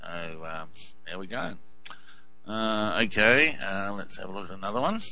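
Hesitant Australian man, bright voice. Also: deep voice, moderate pace, low-quality recording. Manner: hesitant, many ums and uhs. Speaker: video host. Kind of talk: casual commentary over clips.

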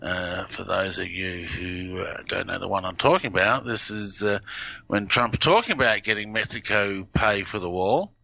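A man with a non-American accent hosting a casual chat, relaxed, chuckling and trailing off into fillers. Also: deep voice, normal speed, creaky. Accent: non-American English. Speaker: podcast host. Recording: dull lo-fi audio.

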